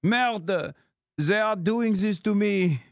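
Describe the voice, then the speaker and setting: A man's voice: sits high, slow pace, gravelly, no room sound, clean studio sound, voice pushed up, exaggerated voice. A man voicing a whiny, panicking French man who cries for help, in a mock French accent and a melodramatic, pleading manner. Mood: wailing.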